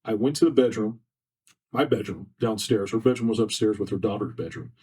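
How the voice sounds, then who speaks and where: A podcast guest tells a personal story earnestly and emotionally, repeating himself as he goes. His fairly low voice is warm and slightly rough, and he speaks briskly. A faulty setup left the mic distant.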